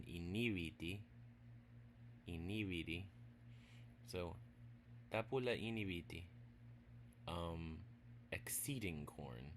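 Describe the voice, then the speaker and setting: A man giving a casual language lesson, playful and teasing, spelling words out slowly piece by piece and dropping into quiet asides. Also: deep voice, slight background noise. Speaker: language teacher.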